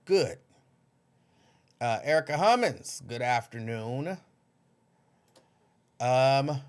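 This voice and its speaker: Lively-voiced male livestream host. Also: medium pitch. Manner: conversational, greets viewers by name, loose informal speech. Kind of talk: casual livestream chat, reading viewer comments.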